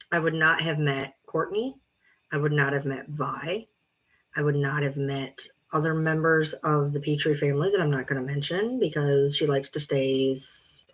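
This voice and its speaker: A woman livestreaming and chatting casually, blunt, exasperated and quick to swear. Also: sits low, bright, forceful tone.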